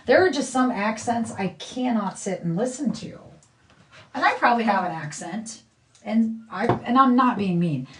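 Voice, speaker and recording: A middle-aged woman on a casual live stream from her living room, blunt and indignant, venting about someone who keeps harassing her. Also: a little high. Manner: blunt, indignant, talks to her child off to the side. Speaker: livestreamer.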